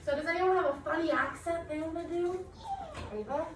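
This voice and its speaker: A woman's voice: very high-pitched, brisk, recorded from a distance. A young woman teaching a class, upbeat and encouraging as she explains step by step. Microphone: far camera. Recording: echoey classroom recorded from afar, background noise.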